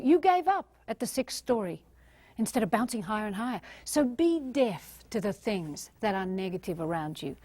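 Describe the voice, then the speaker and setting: A middle-aged woman with an Australian accent gives a motivational seminar talk in an animated, emphatic way. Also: mid-range voice, no echo. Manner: animated, emphatic, acts out little scenes. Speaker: motivational speaker.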